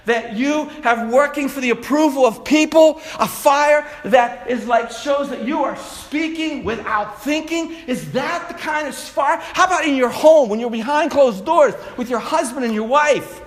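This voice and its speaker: A middle-aged man preaches with a strikingly high voice. He swings from loud, pressing shouts to low, quiet asides to drive his points home. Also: unhurried, few pauses. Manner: preachy, builds to shouts then drops low. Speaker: pastor. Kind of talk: sermon.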